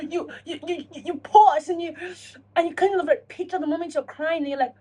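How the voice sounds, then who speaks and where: A woman talking casually to camera in a self-reflection vlog, animated and profane, acting out her own inner dialogue. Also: extremely high pitch, brisk. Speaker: vlogger.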